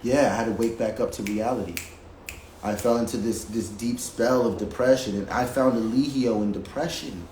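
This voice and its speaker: A man's voice: medium pitch, normal speed, a little mellow. A man in a rambling, profane rant at his home music setup, talking emphatically and repeating himself while reacting to a video. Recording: roomy with faint background hiss.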